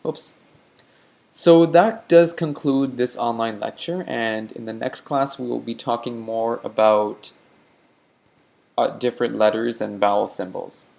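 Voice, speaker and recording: A man's voice: mid-range voice, a little slow, vocal fry, darkish tone. Patient male teacher giving an online lecture. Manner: patient, repeats points often, checks in with "okay?".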